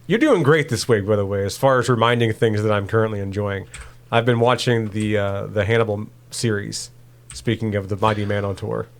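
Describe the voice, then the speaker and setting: A man's voice: lowish voice, brisk. A man co-hosting a podcast, chatting casually and laughing easily while narrating his video game play. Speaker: podcast co-host playing the game.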